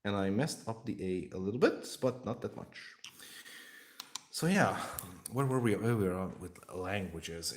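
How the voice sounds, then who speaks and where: Casual streamer, male, deep voice, lively pitch swings, jokey and foul-mouthed. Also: normal speed. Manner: rambling, swears freely, jokey. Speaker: streamer painting miniatures. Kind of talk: casual live-stream chat.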